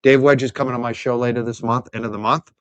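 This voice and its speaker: A man's voice: medium pitch, level tone, fast talker, clean tone, no echo, dull audio. Easygoing male podcast host. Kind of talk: casual podcast chat.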